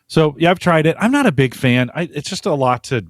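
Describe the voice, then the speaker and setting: A man co-hosting a podcast, relaxed, thinking aloud and trailing off in casual chat. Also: a little high, brisk, no echo, studio quality. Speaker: podcast co-host.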